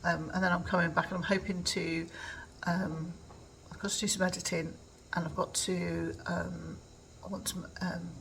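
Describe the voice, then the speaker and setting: A woman's voice: lowish voice, flat delivery, moderate pace, gravelly, a bit bright, slight background noise, rough recording. An older woman from England chatting casually in a home vlog, rambling with lots of ums. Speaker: vlogger. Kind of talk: casual chat.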